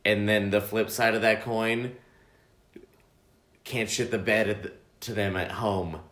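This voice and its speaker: A man's voice: lowish voice, steady tone, a little slow, fairly bright tone, reverberant. A man co-hosting a casual sports podcast, teasing his buddy with dry wisecracks. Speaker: podcast co-host.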